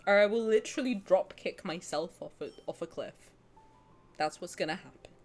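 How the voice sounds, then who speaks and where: A woman's voice: fairly low pitch, animated, moderate pace, darkish tone, faint music behind. A young woman streaming from home, bantering with her chat, swearing freely and breaking into laughter. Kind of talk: casual live-stream chat.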